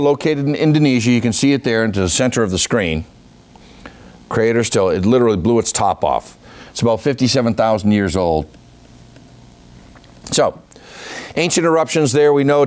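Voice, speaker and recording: A man's voice: mid-range voice, darkish tone. A man giving an illustrated history talk as a folklorist, reciting dates and figures steadily with chatty asides to the audience. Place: senior center meeting room.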